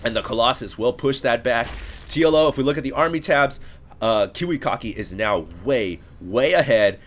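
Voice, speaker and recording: A man commentating a strategy game match live, energetic and building to excitement at the big plays, his voice sore and strained. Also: mid-range voice, moderate pace. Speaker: esports caster.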